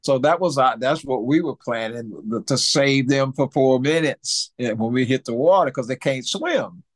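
An octogenarian musician from Mississippi, appearing as an interview guest, tells a lively story full of repetitions and acted-out sound effects. His voice is medium-pitched and moves at a normal speed, with no room sound in the recording.

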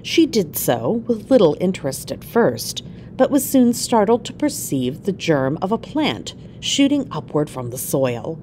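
Low-voiced woman reading a classic story. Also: a little hiss or hum. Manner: expressive, measured reading. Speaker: reader. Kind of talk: scripted narration of a classic story.

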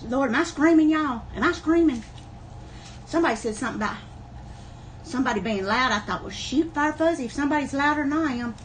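A woman's voice: sits high, animated, fast talker, a little hiss or hum. A woman hosting a live online sale, chatting in a folksy way and greeting viewers by name. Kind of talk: livestream chat. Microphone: camera on a wobbly tripod.

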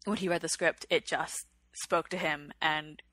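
A podcast co-host chats casually, retelling stories and things she read at length like a chatty storyteller. Her voice sits low and is a bit bright, with fairly even intonation and a slightly slow pace.

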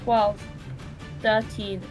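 A young woman playing a game with a friend, reacting quickly and giggling often. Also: medium pitch, level tone, darkish tone, faint music behind. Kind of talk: casual gaming banter.

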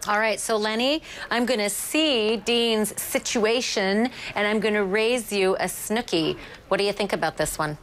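TV anchor woman, brisk and playful, runs the panel. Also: medium pitch, a bit bright, a little hiss or hum. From Canada. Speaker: news anchor. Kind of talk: live TV news panel.

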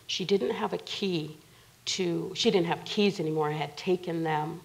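Woman, gravelly voice, lowish pitch, casual vivid storytelling, TV interview guest. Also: moderate pace, low-quality recording. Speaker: guest, bereaved mother.

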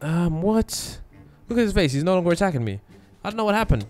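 Excitable man narrating his gameplay. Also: mid-range voice, fast. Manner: excitable, exclaiming often, thinking aloud. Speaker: gaming channel host. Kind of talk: let's-play gameplay commentary.

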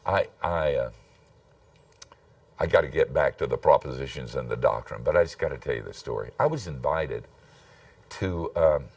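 A man's voice: a bass voice, normal speed, vocal fry, pauses often, dry recording, far from the mic. An older man, telling stories in a folksy, self-deprecating sermon. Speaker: preacher. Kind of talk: storytelling sermon.

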